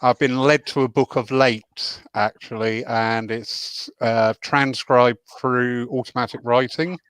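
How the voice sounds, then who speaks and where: A man's voice: medium pitch, steady tone, slow pace, a bit bright, smooth, no room sound. A man hosting a casual talk on spiritualism, speaking earnestly and emphatically, with a chatty, encouraging tone. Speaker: host.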